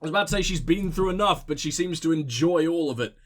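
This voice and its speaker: Excitable, swearing let's play man. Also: on the high side, fast talker. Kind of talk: gameplay commentary.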